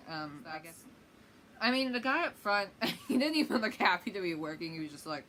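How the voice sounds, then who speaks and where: Woman rambling thru a story time vlog, bright sharp voice, kinda low pitched. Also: lively intonation, moderate pace, slight background noise. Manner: rambling, chatty storytelling full of fillers. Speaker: vlogger.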